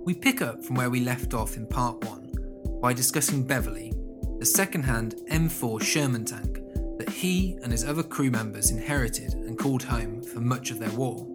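A man hosting a history podcast, reading a scripted introduction to the episode in a clear, measured way. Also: medium pitch. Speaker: podcast host. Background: background music.

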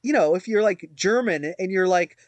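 Higher-voiced man rambling on a podcast. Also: normal speed, no room sound. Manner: rambling, self-mocking, lots of fillers and restarts. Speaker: podcast co-host. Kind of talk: casual chat.

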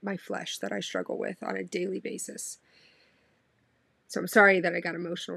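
A woman's voice: on the low side, sing-song, a little fast, creaky, pauses often, sharp tone, breathy edge, no echo. A woman hosting a faith podcast, talking casually and earnestly about prayer. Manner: earnest and heartfelt. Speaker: podcast host. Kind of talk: casual devotional talk.

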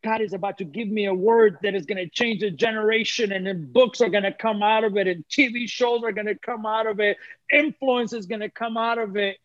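Earnest high-voiced man giving testimony. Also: steady tone, fairly quick, a bit bright, no room sound, highs cut off. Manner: earnest, preacherly, repeats phrases for emphasis. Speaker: guest sharing testimony. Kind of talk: emotional personal testimony.

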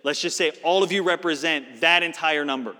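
High, bright-voiced male preacher in a hall. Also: fairly quick. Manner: explanatory, emphatic Bible teaching. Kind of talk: sermon. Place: large auditorium. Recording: reverberant hall.

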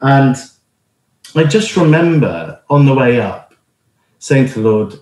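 An earnest middle-aged man preaches in a relaxed, conversational way, often stopping to restart a phrase or add an um. His voice sits at an ordinary pitch for a man. The recording carries a noticeable roomy echo. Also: takes it slowly, long pauses. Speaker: church planter and speaker. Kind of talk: informal sermon with personal story.

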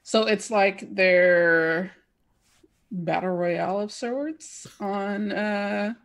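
A young adult woman co-hosting a podcast, chatting casually and animatedly with quick bursts of talk and frequent laughs. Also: medium pitch. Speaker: podcast co-host. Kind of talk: casual chat.

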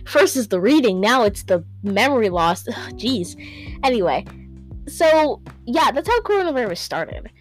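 A woman's voice: fairly high pitch, very animated, normal speed, soft background music. A young woman hosting a casual solo podcast, rambling, stumbling over hard words and laughing at herself, on a home microphone. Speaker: podcast host.

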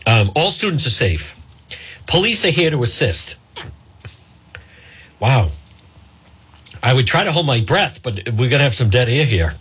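A man's voice: medium pitch, big pitch swings, a little slow, long pauses, a bit bright, breathy edge. A man hosting live talk radio while fighting hiccups, rambling and apologizing as he goes. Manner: apologetic, rambling, self-interrupting. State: has the hiccups. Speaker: radio talk show host.

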